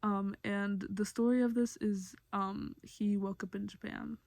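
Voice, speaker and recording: A woman's voice: mid-range voice, flat delivery, a little slow, gravelly, a little mellow, dry recording. A woman vlogger talking casually through a song breakdown, chatty and gushing like an eager fan, with many fillers. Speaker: music vlogger.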